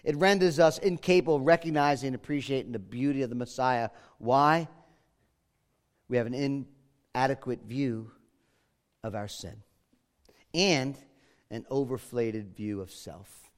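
A man preaching a sermon as pastor, moving between hushed, quiet lines and loud, emphatic ones. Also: mid-range voice, normal speed.

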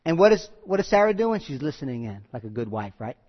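A man's voice: mid-range voice, big pitch swings, fast. A man preaching a sermon in a joking, conversational way, acting out the people he quotes. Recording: dull sound in a reverberant hall.

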